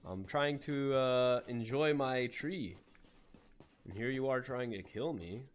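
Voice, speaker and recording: Streaming a game live, a man plays a roleplay character, putting on an accent, greeting viewers by name and laughing often. His voice is mid-range and he takes it slowly.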